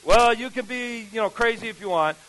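A man's voice: very high voice, fairly quick, fairly bright tone, pitched above the performer's own voice, poor audio. A man voicing a blunt, wary male Russian translator who scolds in an exasperated way.

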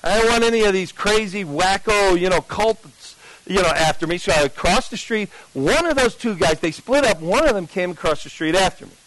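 Animated high-voiced man telling a story. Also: moderate pace, no room sound, rough recording. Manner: animated, acts out dialogue with pitch swings; conversational, with fillers and restarts. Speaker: speaker giving a testimony to an audience. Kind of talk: storytelling testimony.

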